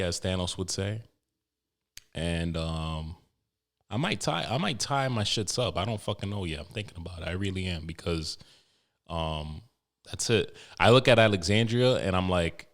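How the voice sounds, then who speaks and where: A man's voice: low voice, a bit bright. A young man hosting a podcast, rambling through an emotional, profane story with many restarts. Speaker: podcast host. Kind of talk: casual podcast monologue.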